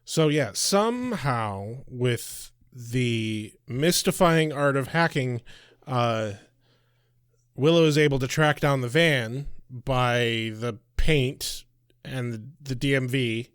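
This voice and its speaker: A man's voice: mid-range voice, slow, clean tone, dry recording, studio quality. A man co-hosting a casual podcast review, venting with profanity and exasperation about poor plotting. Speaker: podcast co-host.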